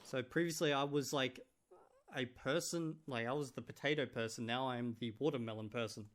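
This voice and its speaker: A man's voice: mid-range voice, fairly even intonation, brisk, fairly bright tone. A man vlogging in casual chat, translating clips aloud with many fillers and restarts. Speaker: vlogger reviewing a language course.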